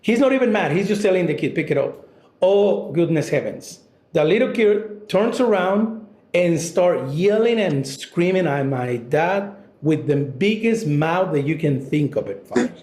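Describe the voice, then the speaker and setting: A male guest telling a personal story conversationally, often halting and restarting. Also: on the high side, expressive, darkish tone, roomy sound.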